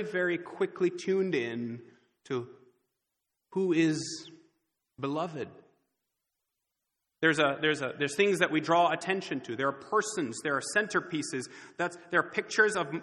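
Male pastor, sermon, bright clear voice, long hall reverb, earnest and emphatic. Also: fairly high pitch. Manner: earnest preaching with dramatic pauses and emphasis.

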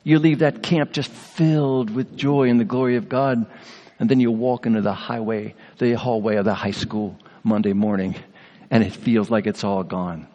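A man preaching a sermon in earnest, storytelling fashion, slowing and softening on key words. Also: fairly low pitch, steady tone. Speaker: pastor. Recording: long reverb of a large hall.

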